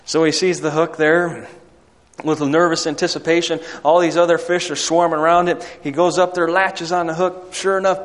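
A man's voice: a little high, long reverb tail. A male pastor preaching a sermon, mixing emphatic peaks with conversational asides and storytelling.

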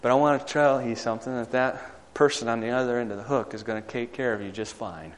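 A man voicing God as a calm, gentle and reassuring speaker in a story. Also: mid-range voice, quick pace, big-room sound, natural voice.

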